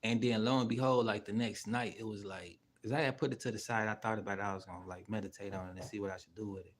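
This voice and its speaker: A man's voice: fairly low pitch, steady tone, fast talker. A man hosting his own channel, telling a story in a loose, rambling, slangy way with heavy swearing. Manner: rambling, with many fillers and asides. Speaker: channel host. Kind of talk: casual spoken storytelling.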